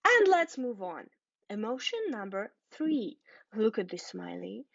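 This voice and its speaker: Slow, careful woman teaching English. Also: medium pitch, sing-song, creaky, no room sound, dull audio. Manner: slow, careful teacher speech, spelling and repeating words. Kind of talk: scripted lesson for learners.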